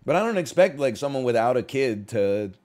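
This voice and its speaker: A man in his thirties streaming and chatting casually, telling loose stories with plenty of tangents. His voice sits at a middle pitch. Now and then he bursts into a loud, high, excited voice for a bit. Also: fairly quick. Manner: rambling storytelling with sudden loud excited voices for bits.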